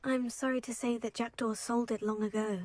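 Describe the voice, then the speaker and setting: A woman's voice: a little high, flat delivery, normal speed, darkish tone, natural voice. An actress voicing a polite, earnest young female student in a video game. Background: game music.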